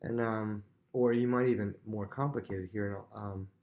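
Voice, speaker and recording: A man's voice: fairly low pitch, fairly even intonation, moderate pace, phone-quality sound. A man teaching a physics lesson on video, talking casually and directly to students at home. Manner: casual, chatty, talks straight to students at home.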